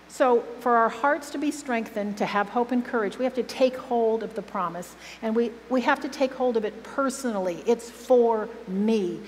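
A woman preaching a sermon, earnest and emphatic, asking the congregation questions. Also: fairly high pitch. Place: church hall. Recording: church hall recording with reverb and faint hum.

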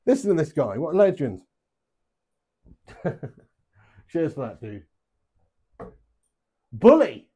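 A man's voice: fairly high pitch, wildly swooping pitch, slow pace, pauses often, warm tone, slightly rough. A man playing darts live, chatting to viewers and reading out their messages, joking, swearing freely and laughing a lot. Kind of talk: live stream banter, reading out chat. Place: home darts setup.

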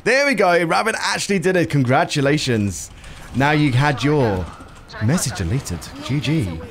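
A young man streaming a speedrun, chatting to viewers and reacting loudly to close calls. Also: fairly high pitch, moderate pace, a little hiss or hum. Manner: excitable, shouts and laughs at close calls, greets chat casually. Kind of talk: excitable live gameplay commentary. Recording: game music playing behind.

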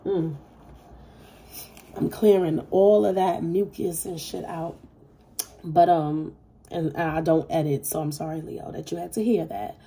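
A woman's voice: low-pitched, steady tone, a little slow, long pauses, mellow, slight background noise, poor audio. A woman giving a casual, heartfelt tarot reading, reassuring the listener over and over and swearing freely. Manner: repetitive, soothing reassurance. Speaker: tarot reader. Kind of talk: intuitive tarot reading to camera.

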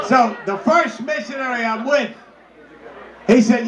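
A man telling a crude comic story on stage in a bar, loudly and boisterously, often shouting. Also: extremely high pitch, normal speed. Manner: loud, boisterous, crude delivery with frequent shouts. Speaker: comedian. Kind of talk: live stand-up storytelling. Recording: echoey bar with crowd noise.

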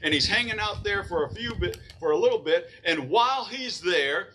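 A man's voice: high-pitched, expressive, normal speed, bright, forceful tone, slight background noise, low-quality recording. A man preaching a sermon in a church, retelling a Bible story in casual everyday words. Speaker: pastor.

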